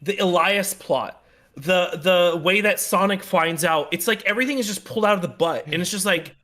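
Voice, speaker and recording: A man co-hosting a podcast in casual chat, ranting with heat and swearing, his loudness and speed swinging as he talks. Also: sits high, moderate pace. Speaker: podcast co-host. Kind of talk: casual comic review chat.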